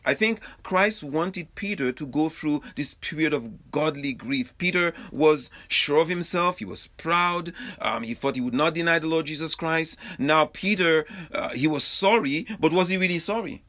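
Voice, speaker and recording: A man preaching a sermon in a halting way, with many fillers and restarts and frequent chuckles. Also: on the high side, fairly bright tone. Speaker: pastor.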